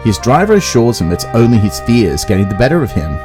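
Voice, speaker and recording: A man narrating a spooky children's engine story with expressive delivery. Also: mid-range voice, brisk, poor audio. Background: background music.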